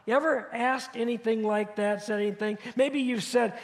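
A man in his fifties preaching to his congregation in an easy, conversational way, leaning on rhetorical questions and repeated phrases. His voice sits unusually high for a man. The sound rings with the long reverb of a church sanctuary. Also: fairly even intonation, normal speed, few pauses. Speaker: pastor. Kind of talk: sermon.

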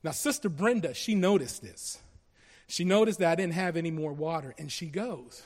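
A man from Colombia giving an earnest, halting personal testimony to a church congregation, with many restarts. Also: a little high, expressive. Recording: long reverb of a large hall.

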